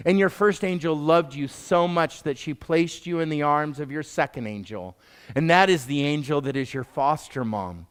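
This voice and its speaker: A middle-aged man tells a personal story with earnest, heartfelt care. His voice is smooth and clear and sits a little high for a man. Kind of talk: live storytelling.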